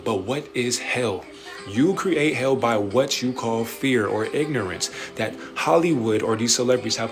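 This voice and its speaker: A man hosting a late-night livestream, preaching in an animated way with slangy street talk and swearing. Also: mid-range voice. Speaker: livestream host answering viewer questions. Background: faint music playing in the background.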